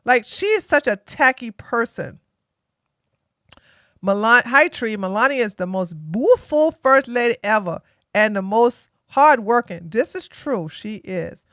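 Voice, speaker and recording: A woman's voice: fairly high pitch, expressive, measured pace, fairly bright tone, dry recording, studio quality. Sarcastic, chatty woman streamer. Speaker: live stream host. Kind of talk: casual live commentary. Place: home in Georgia.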